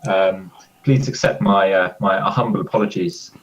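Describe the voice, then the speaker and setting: A man's voice: sits low, fairly even intonation, normal speed, dull audio, slight background noise, close to an everyday voice. Man doing a mumbling, stammering bashful fellow. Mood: sheepish. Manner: mumbling, stammering, repeating words.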